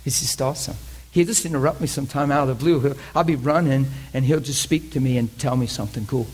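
A man preaching, telling a personal story with animated energy and frequent laughter. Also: medium pitch, fast, breathy edge. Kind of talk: sermon storytelling.

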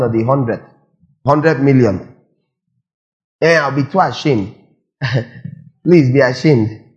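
A man's voice: mid-range voice, a little mellow, highs cut off. A man preaching a sermon, firing rhetorical questions and repeating lines for emphasis. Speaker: pastor.

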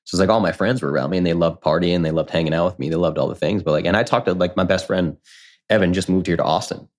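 A man in his thirties with a very deep voice tells a personal story as a podcast guest. He rambles casually and leans on "like" again and again. He slips into quick impressions of what other people said. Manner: candid, rambling, heavy use of "like", acts out quoted voices.

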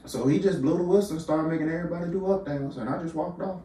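A young man in casual podcast chat, telling animated stories with slang. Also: a little high, fast. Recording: roomy room, distant mic, faint hum.

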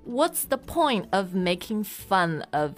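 A woman's voice: mid-range voice, sing-song, slow, soft background music. A woman from China hosting a casual chat, switching between Mandarin and English, with a Chinese accent. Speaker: podcast host.

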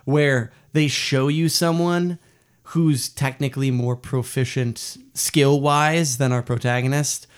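A man's voice: mid-range voice, steady tone, takes it slowly, smooth. Hesitant man in casual podcast chat. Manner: hesitant, self-mocking, many fillers. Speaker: podcast co-host.

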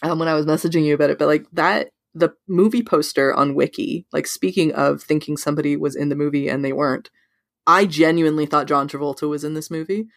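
Brief: animated woman co-host, casual chat, dry close recording, lively swoops up in pitch. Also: quick pace, vocal fry, no echo. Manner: animated, pitch leaps on quoted thoughts, many "like" fillers. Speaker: podcast co-host. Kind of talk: casual movie discussion.

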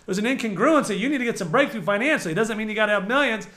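A middle-aged man preaching a sermon, animated, swinging between shouts and low murmurs. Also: very fast.

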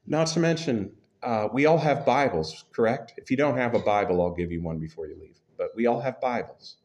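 A man preaching a sermon to his church congregation, talking in a relaxed, conversational way with self-deprecating humor. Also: mid-range voice, brisk. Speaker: pastor.

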